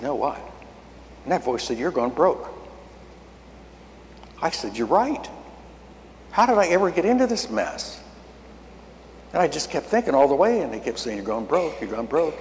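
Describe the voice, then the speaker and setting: A man's voice: on the low side, a little hiss or hum. An older man preaching a sermon, telling a story in a folksy way and acting out the dialogue, his voice rising to emphatic peaks. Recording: long hall reverb.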